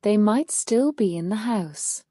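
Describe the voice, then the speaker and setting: A woman voicing a calm mother bear in a storybook, speaking in an even, middle-toned way. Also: medium pitch, measured pace, dry recording, studio quality. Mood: fussed.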